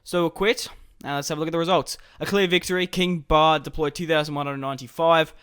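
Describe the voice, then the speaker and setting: A man's voice: on the high side, fairly even intonation, fast talker, a bit bright, clear, resonant tone, dry recording, studio quality. Man casually talking through a strategy game. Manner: casual, thinking aloud while playing. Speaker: gaming YouTuber.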